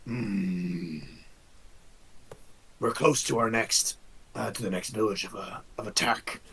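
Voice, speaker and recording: Man doing a gruff orc commander, low growl, slow, deliberate. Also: fairly bright tone, exaggerated voice. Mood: brooding. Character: gruff deep-voiced male orc army commander.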